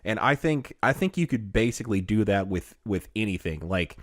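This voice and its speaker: A man's voice: fairly low pitch, lively intonation, moderate pace, dry recording, studio quality. A man co-hosting a podcast in casual chat, rambling with many restarts and laughing often. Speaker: podcast co-host.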